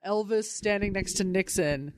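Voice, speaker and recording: A woman of medium pitch co-hosts a casual podcast, recapping the plot with wry, sarcastic quips. Her voice is recorded dry and close. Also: no room sound. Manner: wry, sarcastic, quick asides. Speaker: podcast co-host. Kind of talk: casual comedic chat about comics.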